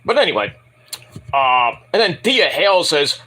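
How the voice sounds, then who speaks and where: A man's voice: medium pitch, normal speed. A man casually reviewing a wrestling show in a vlog, rambling, profane and opinionated. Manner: animated, bursts into put-on voices.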